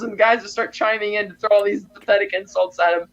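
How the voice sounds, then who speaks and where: A man's voice: sits high, fairly even intonation, a little fast, a bit bright, highs cut off. A man co-hosting a podcast, animatedly retelling a movie scene and acting out the characters' lines. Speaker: podcast co-host. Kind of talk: casual film recap.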